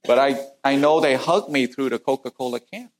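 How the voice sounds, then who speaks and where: Middle-aged guy from vietnam preaching, mid-pitched voice, earnest testimony, voice shoots up when it gets tense. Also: brisk. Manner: earnest storytelling, voice climbing high at intense moments. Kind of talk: sermon with personal testimony.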